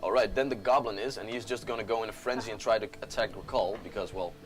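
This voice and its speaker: A man narrating a tabletop role-playing game as game master, calmly describing attacks and rolls. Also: on the low side, quick pace. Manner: relaxed, narrates dice results and gory descriptions.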